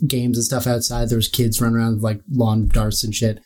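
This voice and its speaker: A man telling a comic anecdote to friends at a game table, animated and loose with his language. He talks at a plain middle pitch with plenty of filler words. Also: a little fast. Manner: animated, swearing, full of likes. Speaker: player. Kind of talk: casual storytelling.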